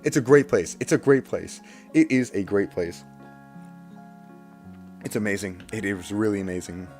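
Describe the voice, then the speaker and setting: Excitable man telling a story over faint music. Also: lowish voice, normal speed. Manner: excitable and animated, swinging from hushed to loud bursts; playfully theatrical, repeats lines for effect. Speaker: streamer. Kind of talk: casual storytelling to a live stream.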